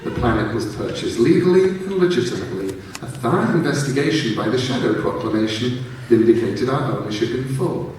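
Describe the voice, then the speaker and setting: A gentle, whispery alien voice speaks in calm, formal, bureaucratic tones, as a man reads it aloud. The sound is distant and rings around a big echoey hall, with a faint hum of room noise behind it. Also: mid-range voice, fairly quick, natural voice. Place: large theatre stage, live.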